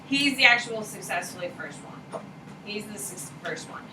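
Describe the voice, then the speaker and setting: A woman teaching a high school history class, talking casually and candidly and swearing offhandedly as she lectures. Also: lively intonation, moderate pace, background noise. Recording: echoey classroom from far off.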